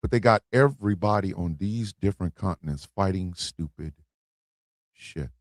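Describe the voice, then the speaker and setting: A man's voice: low voice, normal speed, no room sound, studio quality. A man hosting a livestream, delivering a blunt political monologue with emphatic repetition and swearing. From United States. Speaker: host.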